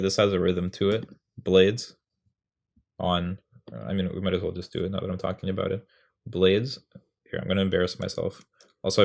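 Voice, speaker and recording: A man's voice: low voice, vocal fry, breathy edge. A young man explaining how to write a poem in a casual, rambling, self-mocking way, sounding out rhythms aloud. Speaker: poetry tutorial host.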